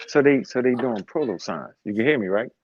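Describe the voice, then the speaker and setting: A man's voice: medium pitch, expressive, fairly quick, a little mellow, highs cut off, slight background noise. A man co-hosting a casual talk, bantering in slang and laughing often. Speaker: co-host.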